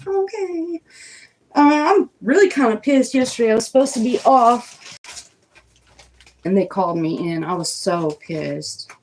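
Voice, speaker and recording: A woman's voice: fairly high pitch, slight background noise. A young woman doing a casual, rambling tarot reading on a live stream, talking straight to her viewers. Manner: chatty, rambling, reads the cards out loud to viewers.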